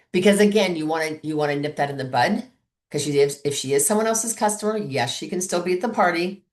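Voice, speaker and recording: A woman's voice: deep voice, fast talker. A woman coaching her sales team in an upbeat way, acting out sample calls and texts as she goes. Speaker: sales trainer.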